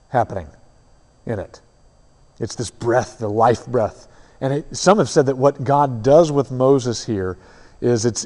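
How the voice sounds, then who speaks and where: Dark-voiced male preacher in a reverberant hall. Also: medium pitch. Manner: earnest, reflective storytelling with frequent restarts. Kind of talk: sermon.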